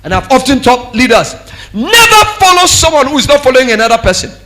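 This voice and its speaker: A man preaching a sermon as pastor, animated and acting out what people say. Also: very high voice, fast. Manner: animated, acts out quoted speech.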